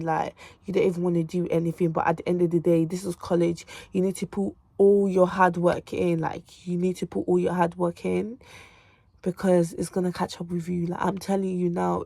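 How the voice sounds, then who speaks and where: A young woman in her late teens talks straight to camera from her bedroom, worn out from revising. Her voice sits fairly low and mellow. The sound is close and dry. She hammers points home by repeating them and calls her viewers "babes" and "girl". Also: vocal fry, dry recording. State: tired from revision. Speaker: student vlogger. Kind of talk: casual direct-to-camera chat.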